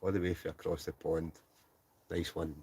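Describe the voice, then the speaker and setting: Scottish man, forties, lowish voice, chatty livestream host, mumbling, laughing. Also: level tone, normal speed, a little mellow, slightly rough. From Scotland. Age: 40s. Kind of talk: casual live chat reading comments. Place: inside a tent.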